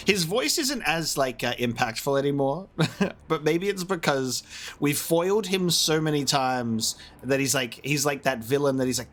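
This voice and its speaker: A young man giving casual, chatty commentary on a game he is playing blind, excitable and quick to laugh. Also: on the high side. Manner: chatty, excitable, laughs often, many fillers. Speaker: gamer streaming a blind playthrough.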